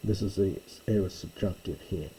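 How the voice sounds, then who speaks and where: A Greek New Testament teacher walks through a lesson verse by verse, working slowly and carefully through the words, with frequent self-corrections and fillers. His low-pitched voice is warm with a breathy edge. The recording quality is rough.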